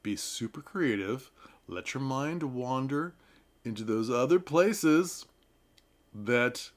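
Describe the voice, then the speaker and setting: A man talks through a stage review in an easy, chatty way, with a pitch that sits in an ordinary middle register. He laughs often, coaxes his listeners with friendly advice, and now and then slips into playful mock voices. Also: animated, takes it slowly. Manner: coaxing, advice-giving tone. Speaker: theater reviewer. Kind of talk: casual talking-head commentary.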